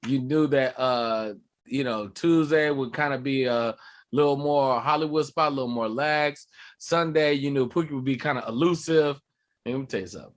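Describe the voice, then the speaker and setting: A man, a comedian and podcast co-host, telling animated, profane stories in casual chat. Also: medium pitch.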